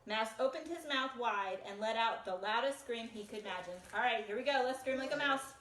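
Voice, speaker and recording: Woman, storytime reader, animated, encouraging, echoey room, faint room noise. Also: a little high, brisk. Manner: animated, encouraging, asks the kids to join in. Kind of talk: reading a picture book aloud to children.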